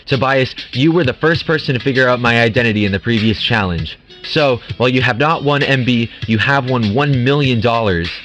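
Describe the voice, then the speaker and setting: A smug, playful game show host, voiced by a man in a comedic audio drama, who keeps teasing his contestants. His voice sits at a plain middle pitch and he toys with everyone. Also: a little fast, few pauses, fairly bright tone, soft background music, natural voice. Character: smug male game show host, an ice cream being.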